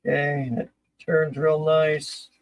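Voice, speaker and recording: A man's voice: fairly high pitch, monotone, slow pace, poor audio. A man chatting casually on a live stream while he repairs a model car, rambling, joking and muttering to himself as he works.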